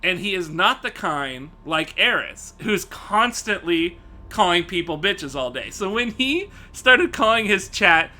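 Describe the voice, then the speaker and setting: A man's voice: sits high, sing-song, unhurried, sharp tone. A man streaming live, ranting casually and profanely to his chat, laughing often.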